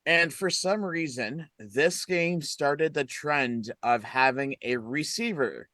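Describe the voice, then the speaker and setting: A man's voice: a little high, slow, bright, forceful tone, no echo. A man co-hosting a casual sports podcast, reading out game stats and adding short comments. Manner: reads out game stats, brief interjections. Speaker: podcast co-host.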